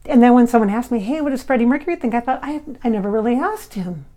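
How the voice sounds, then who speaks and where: A chatty, giggly woman with slightly blurred S sounds from clear braces, talking casually to camera from home as a medium. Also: a little high, animated, fast, mellow. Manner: chatty and giggly, many fillers and restarts. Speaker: spiritual medium and channel host.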